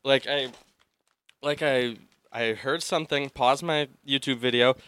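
A man's voice: medium pitch, steady tone, unhurried, fairly bright tone, clear, resonant tone, dry recording. A young man co-hosting a podcast, telling a story in a rambling way, with many fillers and bursts of laughter. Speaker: podcast co-host. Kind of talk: casual chat.

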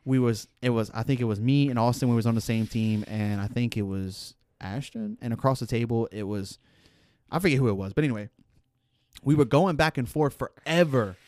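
Laid-back young man, smooth slangy chat. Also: mid-range voice, brisk, a little mellow, no echo. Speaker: podcast co-host. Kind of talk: casual chat.

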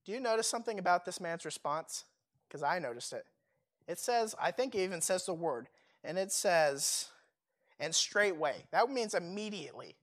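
A man's voice: high voice, animated, moderate pace. A young man preaching a sermon in a casual, conversational way, full of fillers and rhetorical questions.

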